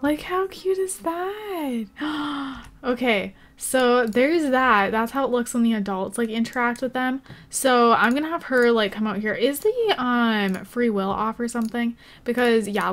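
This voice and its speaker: A young woman chats her way through a life-sim game, bubbly and excitable, gasping and giggling as things happen. Her voice sits a little high, and she fills her talk with easy, casual filler words. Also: moderate pace. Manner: bubbly and chatty, gasps and giggles, many fillers like "like" and "oh my God". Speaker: gaming channel host. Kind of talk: casual gameplay commentary.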